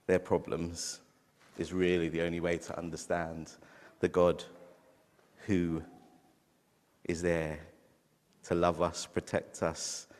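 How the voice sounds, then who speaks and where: A man's voice: low-pitched, darkish tone. A middle-aged man giving a heartfelt sermon as a preacher. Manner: heartfelt, tearful at times. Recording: long hall reverb.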